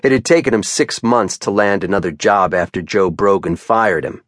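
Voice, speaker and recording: A male audiobook narrator with a lowish voice reads a crime novel in first person. His delivery is measured and even, recorded close on a very dry studio mic. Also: dry recording.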